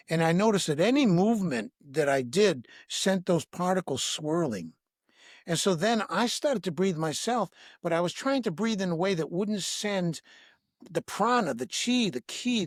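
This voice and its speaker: As a guest on a podcast, this high-pitched man, who teaches breathwork, shares an anecdote from his own life and performs the characters' lines. The recording is dry and studio quality.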